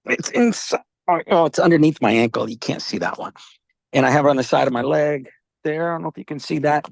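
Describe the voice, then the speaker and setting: Rambling older New man, gravelly. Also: fairly high pitch, fairly quick, dry recording. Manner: rambling storyteller, repeats words, says "okay?" and "all right?" often. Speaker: company founder pitching wellness products. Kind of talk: casual video-call chat.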